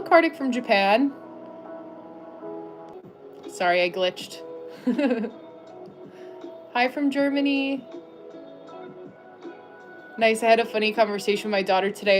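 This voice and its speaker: A middle-aged American woman hosting a casual livestream, chatting and reading viewers' names aloud in a friendly way, with soft music behind her. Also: mid-range voice. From United States. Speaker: livestream host.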